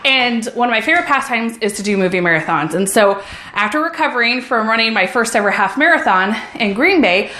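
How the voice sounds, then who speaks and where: A woman's voice: a little high, expressive, brisk, bright, forceful tone, echoey room. A woman who is a runner and a mom, talking in an upbeat, enthusiastic and encouraging way in a casual motivational vlog.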